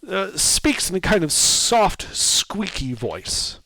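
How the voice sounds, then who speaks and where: A man narrating a tabletop game as game master, describing scenes in a lively, casual way with fillers. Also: high voice, slow, no room sound.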